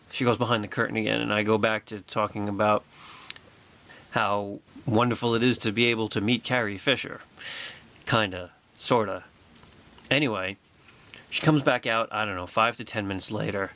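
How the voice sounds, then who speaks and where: Animated man telling a wry story. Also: on the low side. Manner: animated, excitable, wry and sarcastic. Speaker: vlogger. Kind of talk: personal anecdote storytelling.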